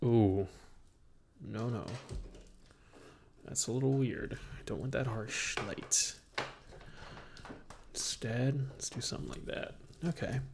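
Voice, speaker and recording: He rambles on at a slow pace, muttering to himself about his audio setup during a live stream. The young man's medium-pitched voice is creaky, broken by long pauses, and a noisy background bleeds into his compressed studio mic.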